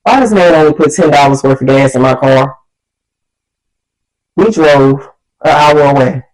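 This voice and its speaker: A woman vlogger telling a story in an animated, exasperated way. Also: deep voice, unhurried, low-quality recording. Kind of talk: storytime vlog.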